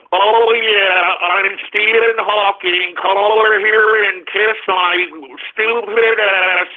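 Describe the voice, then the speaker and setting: Ranting, crude man on talk radio. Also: sits high. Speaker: radio talk show host. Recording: tinny phone-like radio sound.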